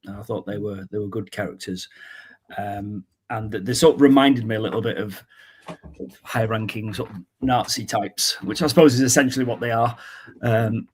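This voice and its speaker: A man with a husky voice and a fairly low pitch talks over an episode in loose podcast chat. He is halting and restarts often, and he breaks into laughs. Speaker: podcast panelist. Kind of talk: casual chat.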